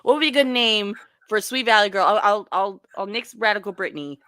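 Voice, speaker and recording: A woman hosting a casual livestream roast, teasing and animated with quick asides. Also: mid-range voice, clean tone, no echo. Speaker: livestream host.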